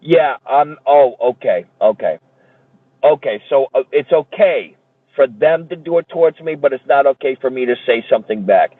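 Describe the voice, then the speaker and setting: A man's voice: mid-range voice, animated, moderate pace, no room sound. A man ranting in a heated, profane and repetitive way, as if streaming a monologue. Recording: tinny phone-like dry audio.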